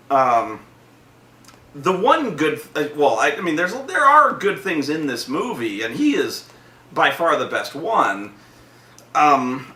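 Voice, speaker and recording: A man chatting casually about a movie, rambling and swearing, bursting into loud acted-out quotes. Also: medium pitch. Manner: rambling, profane, acts out quotes in loud voices. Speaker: vlog host reviewing a movie. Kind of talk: casual chat. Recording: roomy echo, from a distance, faint noise.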